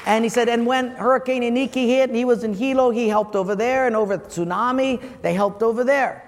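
A man with a very high voice delivers a humorous sermon. He tells his story with energy and acts out the people in it. His voice rings with the long reverb of a large hall, over faint room noise. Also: a little fast, few pauses, crowd noise. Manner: animated, acts out quoted callers. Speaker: pastor.

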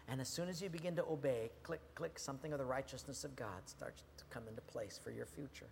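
A male preacher giving an animated sermon that swings from loud to hushed. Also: mid-range voice, a little fast, creaky, hardly any pauses, slight background noise. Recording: long reverb in a hall, faint ambience.

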